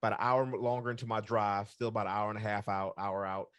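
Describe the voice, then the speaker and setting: A man co-hosting a podcast, telling a long personal story in a relaxed, rambling way, full of fillers and acted-out dialogue. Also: on the low side, fast, smooth, no echo, studio quality. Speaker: podcast co-host. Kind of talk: casual storytelling chat.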